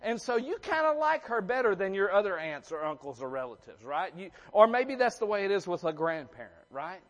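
A man's voice: sits high, big pitch swings, fairly quick, fairly bright tone, in a large hall. A man preaching a sermon to his congregation, chatty and joking, asking the room questions. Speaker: pastor. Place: church sanctuary.

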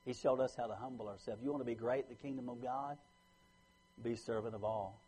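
A man preaches a sermon in a husky, somewhat breathy voice of ordinary pitch. He is from the United States. He rises loud and emphatic, then sinks low and soft. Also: fairly even intonation, fairly quick, low-quality recording.

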